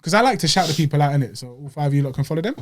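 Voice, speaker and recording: A young man, co-hosting a podcast and telling stories with animated, slangy energy. His voice sits a little high. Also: rapid-fire, slight background noise. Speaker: podcast co-host. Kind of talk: casual chat.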